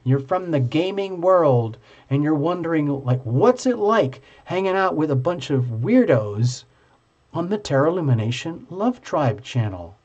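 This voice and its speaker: A man hosting a live tarot stream, chatting with viewers in an excitable, gushing and playful way. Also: a little high, measured pace. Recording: dull lo-fi stream audio.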